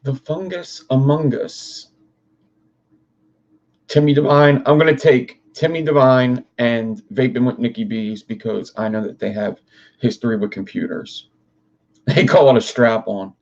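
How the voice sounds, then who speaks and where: A man's voice: medium pitch, steady tone, normal speed, a little mellow, dull audio. A young man hosting a livestream. He rambles in casual chat, swears freely and talks to his viewers. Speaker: livestream host.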